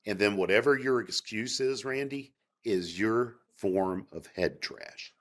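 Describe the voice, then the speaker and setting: A man's voice: lowish voice, measured pace. An older man who is a sales coach, answering interview questions in an emphatic, coaching way with punchy phrases.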